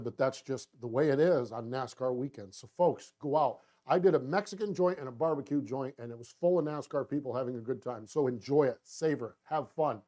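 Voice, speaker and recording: Excited rambling male show host. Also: on the high side. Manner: enthusiastic, rambling, with frequent restarts and lively quoted voices. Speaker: host of a racing talk show. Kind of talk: casual storytelling monologue.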